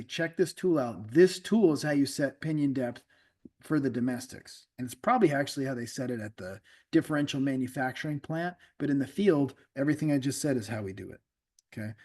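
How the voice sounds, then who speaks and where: A man's voice: medium pitch, darkish tone. A middle-aged man, an automotive instructor, lecturing a class in a casual, conversational way, often repeating himself and checking in with the students.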